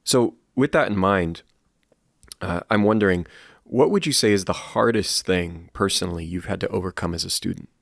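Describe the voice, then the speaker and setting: A man's voice: low voice, moderate pace, vocal fry, no echo, clean studio sound. A man hosting a school podcast, asking students questions in a friendly, loose way full of fillers. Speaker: podcast host. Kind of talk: casual podcast interview.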